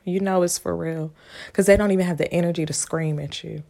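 A woman giving casual motivational talk, frank and animated with lots of profanity, sometimes dropping into a hushed whisper. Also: on the low side, fairly quick, gravelly. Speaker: vlogger and spiritual speaker.

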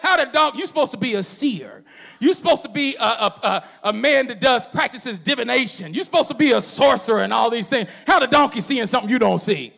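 A man's voice: extremely high pitch, lively intonation, brisk, vocal fry, sharp tone. A man preaching a sermon, telling the story in a folksy way and calling out to the congregation for responses.

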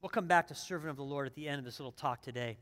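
A man's voice: medium pitch, very fast, fairly bright tone, long reverb tail. A middle-aged male pastor giving a sermon in a conversational way that builds into emphatic, repeated phrases.

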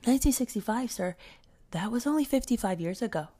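A woman's voice: a little high, lively intonation, brisk, warm tone. A woman hosting her own solo podcast, talking in a blunt, profane and fired-up way. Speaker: podcast host.

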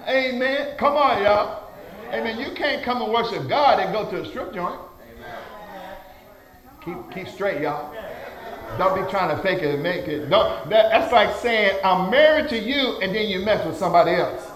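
A man's voice: high voice, moderate pace, a bit bright. A male pastor preaching a sermon, calling out amen after amen, with folksy phrasing and stammered restarts. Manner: call-and-response preaching, frequent amens. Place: church sanctuary. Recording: echoey church room.

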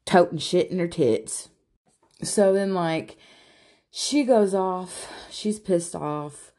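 A woman's voice: on the low side, takes it slowly, dark tone. A woman casually recapping a reality show in a blunt, profane, gossipy manner.

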